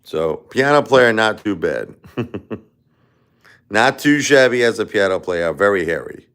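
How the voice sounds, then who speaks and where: A man's voice: fairly low pitch, lively intonation, measured pace, fairly bright tone. A man hosting a live stream, telling a story in a casual, jokey, rambling way.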